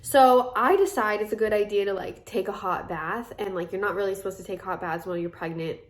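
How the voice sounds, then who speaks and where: A woman's voice: medium pitch, a little fast. Chatty young woman telling a story. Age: 20s. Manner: chatty, filler-heavy retelling with many quoted asides. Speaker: vlogger. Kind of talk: casual storytelling.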